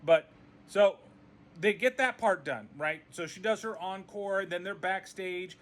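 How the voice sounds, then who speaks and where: A man's voice: high-pitched, unhurried, a bit bright, slight background noise. A man reviewing a movie in a casual video, ranting with exasperation and frequent swearing.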